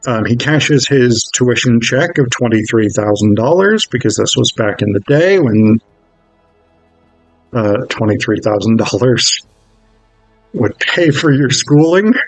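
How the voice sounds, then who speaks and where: A man's voice: mid-range voice, animated, a little slow, no room sound, poor audio. Man, film reviewer, casual rambling recap, dry close sound, faint music behind. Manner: rambling, many fillers and self-corrections.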